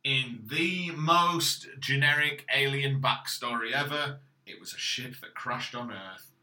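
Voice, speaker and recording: A man's voice: medium pitch, slow, pushed and bright. A man co-hosting a podcast, casually recapping a story with dry, matter-of-fact asides. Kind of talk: casual chat. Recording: echoey room.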